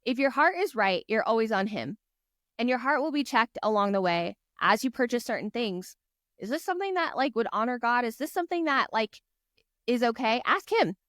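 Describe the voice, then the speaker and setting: A woman's voice: fairly high pitch, lively intonation, moderate pace, a bit bright, dry recording, studio quality. A woman guest on a podcast, telling stories in an earnest, encouraging, chatty way. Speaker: guest author. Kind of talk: casual podcast chat.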